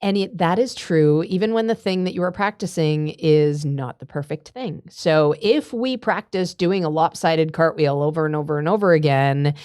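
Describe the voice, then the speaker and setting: A woman co-hosting a podcast, explaining dog training in a relaxed, conversational way. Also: sits low, normal speed, hardly any pauses, no room sound, clean studio sound.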